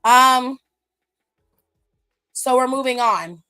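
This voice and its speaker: A woman's voice: sits high, extremely slow, bright, forceful tone, clean tone, faint music behind. A woman hosting a wrestling aftershow, recapping matches in a blunt, sassy, casual way full of slang.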